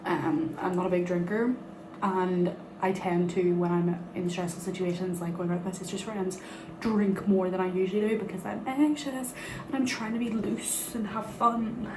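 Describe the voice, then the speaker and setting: A woman's voice: on the low side, fairly even intonation, moderate pace. Young Northern Irish woman, chatty book vlogger, swears freely; echoey room, background noise. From Northern Ireland. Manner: chatty and giggly, swears freely, talks in bursts. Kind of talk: casual chat to camera. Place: bathroom at night.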